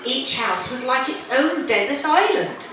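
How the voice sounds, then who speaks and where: A woman reading a children's storybook aloud to a child in an animated way, putting on voices for the characters. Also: high-pitched, a little slow. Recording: echoey room, distant mic, background noise.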